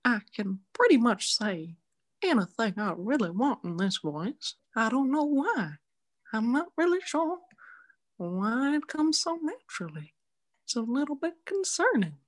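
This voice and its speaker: Casting: creepy old-man impression by a woman, lively pitch. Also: measured pace.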